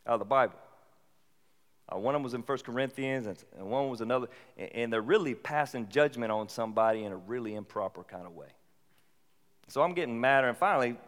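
Conversational male pastor in a reverberant hall. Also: mid-range voice. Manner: conversational, rising to animated bursts. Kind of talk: sermon.

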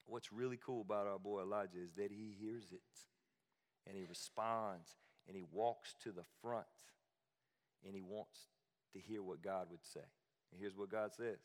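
A man's voice: on the low side, steady tone, normal speed. Emphatic man preaching in a reverberant hall. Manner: conversational, emphatic, with asides and repetitions. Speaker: pastor. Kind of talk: sermon.

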